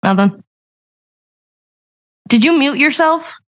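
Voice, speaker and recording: A woman's voice: high voice, lively intonation, slow. A woman co-hosting a casual podcast over a remote call, rambling, giggling and losing her train of thought. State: just woken up. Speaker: podcast co-host. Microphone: remote call recording.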